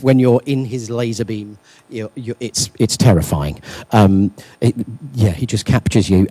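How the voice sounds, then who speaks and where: A man's voice: lowish voice, mellow, breathy edge, no echo. Joking man giving a workshop talk. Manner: self-deprecating, joking, many fillers. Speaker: workshop speaker. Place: lecture room.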